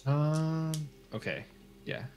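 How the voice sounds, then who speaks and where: A man's voice: fairly high pitch, slow, darkish tone, slight background noise. A man playing a tabletop game, repeating and restarting words as he describes what his character does. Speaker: player. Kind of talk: casual tabletop game chat.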